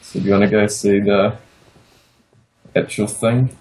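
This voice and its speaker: A young man with a New Zealand accent giving a casual tour of his game build, pausing often with fillers. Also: on the low side, steady tone, darkish tone, poor audio. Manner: hesitant, many pauses and fillers.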